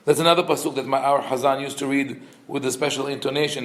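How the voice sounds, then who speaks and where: A man, a rabbi, teaching a scripture class. He explains with dry humor and many fillers, and reads verses quickly in a chant. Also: medium pitch, fairly even intonation, a bit bright. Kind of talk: Torah class lecture.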